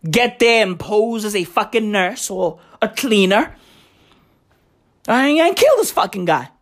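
A woman hosting a comedic podcast, ranting in slangy, profane, excitable talk. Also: fairly high pitch. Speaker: podcast host.

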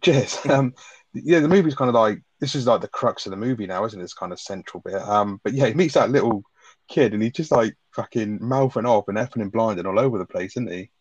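A man co-hosting a podcast, reading a plot summary and chatting about a film in a relaxed way. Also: on the low side, fairly quick, slightly rough, no echo. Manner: relaxed, laughs, tag questions. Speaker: podcast co-host. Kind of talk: reading a plot summary, then casual chat. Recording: dry, slightly dull mic sound.

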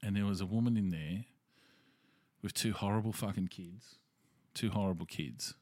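A man co-hosting a podcast, throwing in crude, quick-witted banter. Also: on the low side, a little mellow, no room sound. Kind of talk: casual chat.

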